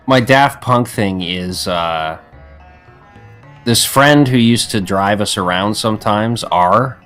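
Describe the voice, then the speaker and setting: A man's voice: lowish voice, slow, long pauses, a bit bright, faint music behind. A man co-hosting a let's play, joking and swearing casually as the game plays. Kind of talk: casual gameplay chat.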